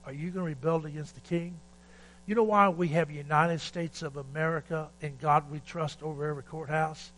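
Man, pastor delivering a sermon; high, bright voice, folksy storyteller who builds to shouting; light electrical hum. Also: rough recording. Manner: calls for amen from the congregation.

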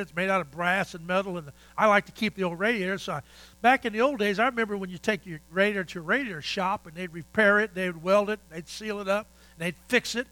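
An older man, a pastor, telling folksy stories in a sermon with animated, repetitive phrasing. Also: sits high, no room sound, poor audio. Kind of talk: sermon storytelling.

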